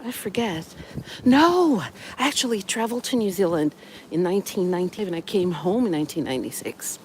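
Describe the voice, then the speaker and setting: A woman's voice: mid-range voice, expressive, brisk. Chatty woman vlogging outdoors on a noisy street. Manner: chatty, playful, explains with examples. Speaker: vlogger and English educator. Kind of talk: casual vlog talk to camera. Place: outdoors in the snow, on a street with traffic. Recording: outdoor phone recording with clear street noise. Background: passing vehicles and wind.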